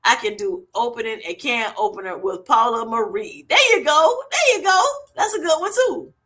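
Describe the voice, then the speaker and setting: A woman's voice: fairly high pitch, sing-song, moderate pace, fairly bright tone. A woman hosting a casual livestream, reading viewer comments aloud, laughing often and calling people honey and baby. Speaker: livestream host reading chat. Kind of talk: casual live chat.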